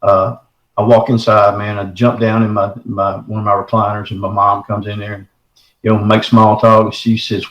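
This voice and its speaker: A man's voice: lowish voice, level tone, a little fast, fairly bright tone, echoey room, poor audio. A middle-aged man from the States. He earnestly recounts a personal encounter as a caller, in a folksy way. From Texarkana area, southern United States. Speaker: caller telling his encounter.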